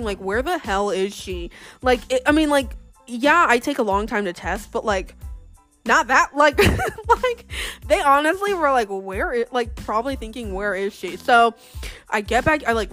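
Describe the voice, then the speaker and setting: A woman's voice: sits high, a bit bright. A young woman telling a story casually in a chatty way, with many fillers and frequent laughter. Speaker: vlogger.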